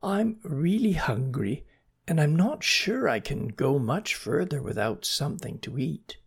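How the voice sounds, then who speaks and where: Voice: mid-range voice, sing-song, a little slow, vocal fry, slightly rough, voice pushed up, full character voice. A narrator doing a polite hungry banana slug. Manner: polite, hesitant.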